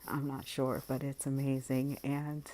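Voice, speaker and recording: A vlogger with a strikingly deep, low voice speaks directly to her audience in a relaxed monologue. Her manner is candid and unhurried, with frequent laughter and sentences that drift off. The tone stays level and mellow.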